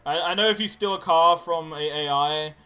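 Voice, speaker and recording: A young man tells game stories on a podcast at a rapid clip, swearing freely and throwing himself into the quotes. His voice is high-ish and bright, with faint music playing underneath. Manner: excitable storyteller, swears freely, acts out quotes loudly. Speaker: podcast co-host. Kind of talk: casual chat recounting a role-play game.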